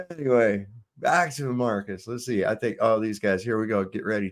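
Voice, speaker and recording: Gravelly man telling crude jokes. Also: lowish voice, expressive, normal speed. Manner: crude, blunt, storytelling with pirate voice. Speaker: stream host. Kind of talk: casual profane chat and joke telling.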